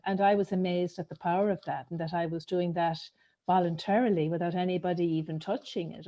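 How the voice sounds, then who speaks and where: A woman in a casual group chat, telling a story in a chatty, animated way with repeated words. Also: on the low side, rough recording. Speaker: group participant.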